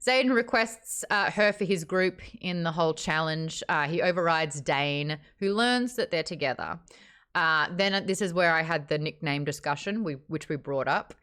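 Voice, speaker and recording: A woman hosting a casual live-streamed book club, talking bluntly, swearing freely and ranting in an animated way. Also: sits low, normal speed. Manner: animated, acts out quotes.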